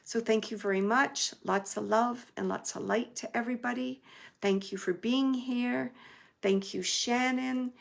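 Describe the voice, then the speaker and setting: A woman medium giving a live reading to an audience, relaying messages in a chatty way with many fillers and sometimes dropping to a soft hush. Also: fairly high pitch, steady tone, measured pace, vocal fry. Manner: drops to a soft hush at times.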